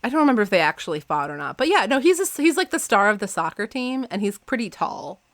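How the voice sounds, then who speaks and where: A woman hosting a podcast in casual chat, laughing often and reading passages aloud in animated voices. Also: medium pitch, fast, no room sound. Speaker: podcast host.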